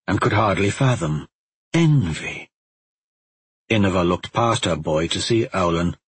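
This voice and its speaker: A man reading a fantasy novel aloud in a measured storytelling manner. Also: lowish voice, slightly rough, no echo, low-quality recording. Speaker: audiobook narrator. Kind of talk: scripted narration.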